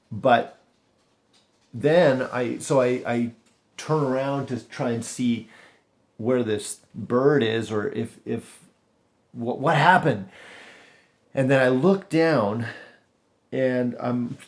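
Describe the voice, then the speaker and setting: A man hosting a podcast, telling a story in a rambling, animated way from his home kitchen. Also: mid-range voice, gravelly. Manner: rambling and animated, with restarts and laughter. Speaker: podcast host. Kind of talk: casual storytelling monologue.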